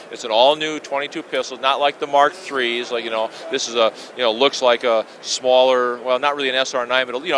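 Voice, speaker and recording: A man at a trade show booth, pitching a new product enthusiastically in an interview. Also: noisy background. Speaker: company representative.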